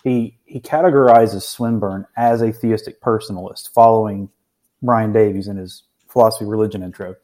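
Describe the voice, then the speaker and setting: A podcast guest, a man with a low, mellow, soft-edged voice. He talks in a measured way and stumbles into restarts when something puzzles him. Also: steady tone. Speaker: guest, paper co-author. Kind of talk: casual academic discussion.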